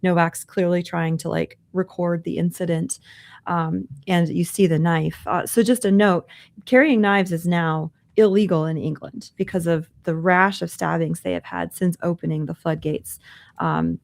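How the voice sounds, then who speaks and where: A woman's voice: fairly low pitch, fairly even intonation, normal speed, gravelly. Woman recounting news on a podcast. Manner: earnest, recounting a news story in detail. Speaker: podcast co-host. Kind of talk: news commentary chat.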